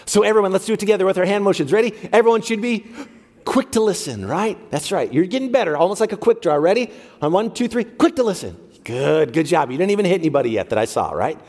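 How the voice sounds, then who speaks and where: A pastor preaching a sermon, lively and talking straight to his congregation during a church service. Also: sits high, fast. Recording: long reverb of a large hall.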